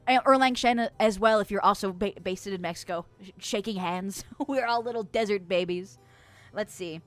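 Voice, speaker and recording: A woman's voice: medium pitch, moderate pace, faint music behind. A woman streamer in casual chat, reading chat messages aloud with lots of laughter and self-mocking jokes.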